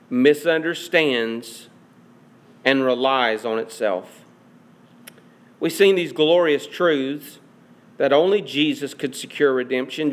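A male pastor delivers a sermon with slow, deliberate emphasis. His voice sits fairly high for a man, and each point lands with weight.

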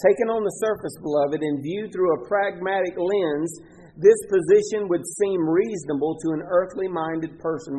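A man's voice: high voice, moderate pace, warm tone, breathy edge, poor audio. A male pastor with a Southern American accent, preaching a sermon emphatically, with his voice rising and falling for effect.

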